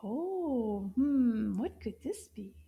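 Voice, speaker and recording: A woman teaching young children words in a slow, gentle way. She often drops into soft whispers and gasps with surprise. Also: on the high side, very animated, gravelly, narrow, tinny audio. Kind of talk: slow kids' lesson, words repeated.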